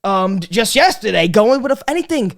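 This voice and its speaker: A man in his twenties hosting a casual comedy podcast, talking in an animated, sweary way and acting out his family. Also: high-pitched, quick pace, vocal fry. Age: 20s. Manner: animated, swearing, acts out his parents in loud exaggerated voices.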